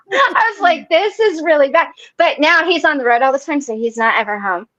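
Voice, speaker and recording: Woman host on a video call; animated storyteller, higher voice, muffled dry audio. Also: moderate pace, no echo. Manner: animated storyteller, laughs often. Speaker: meeting host. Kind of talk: casual online support group chat.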